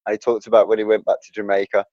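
A man's voice: on the low side, no echo. A man who plays music, co-hosting a podcast and telling stories in casual chat. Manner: quick storyteller, lively. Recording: dull lo-fi sound.

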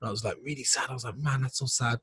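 A man's voice: medium pitch, fairly even intonation, racing, pushed and bright, slightly rough, no room sound. A man co-hosting a casual talk show, telling stories in a rambling way, restarting often and laughing through his words. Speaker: podcast co-host. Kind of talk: casual chat, storytelling.

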